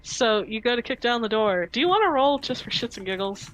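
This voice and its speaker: A woman running a tabletop game as game master, narrating scenes in an unhurried, descriptive way with filler ums. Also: fairly high pitch, big pitch swings, low-quality recording.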